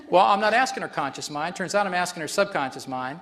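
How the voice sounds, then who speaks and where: A man's voice: fairly high pitch, lively intonation, fast talker, a bit bright. Chatty man teaching on stage. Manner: chatty, explanatory, laughs often. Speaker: workshop facilitator. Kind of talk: live stage demonstration lecture. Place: stage before an audience.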